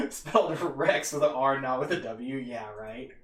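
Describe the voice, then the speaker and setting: A man's voice: medium pitch, slow, recorded from a distance. A young man in casual chat on an art stream, laid-back, often trailing off and laughing. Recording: roomy sound, voice a bit off-mic.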